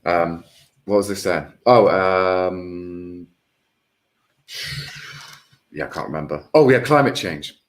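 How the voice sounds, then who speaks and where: A man's voice: sits low, takes it slowly, pauses often. A man in casual political chat as a guest, rambling, swearing a lot and losing his train of thought. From Britain.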